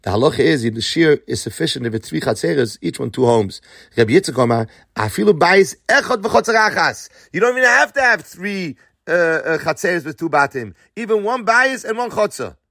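A man's voice: on the high side, very animated, moderate pace, gravelly, fairly bright tone, no room sound, clean studio sound. A man teaching a Talmud lesson, reading Aramaic phrases and then explaining them in English, posing questions and answering them himself.

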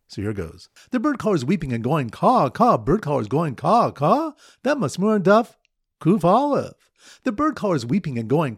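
A man's voice: slightly rough, no room sound, studio quality. A man reviewing Talmud pages with playful mnemonic stories, jumping his voice up and down as he tells them. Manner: lively storytelling with sudden pitch jumps. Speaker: Talmud teacher.

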